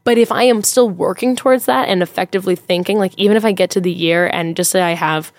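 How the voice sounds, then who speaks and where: A woman's voice: medium pitch, fast talker, no echo. A woman who is a comedian, chatting as a podcast guest in a candid, rambling way with lots of fillers. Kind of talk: casual chat.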